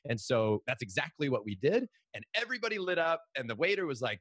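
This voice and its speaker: A man's voice: medium pitch, very animated, fast talker, fairly bright tone, slightly rough, no room sound. A middle-aged man, a podcast guest and author, telling stories animatedly with frequent restarts. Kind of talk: storytelling in a podcast interview.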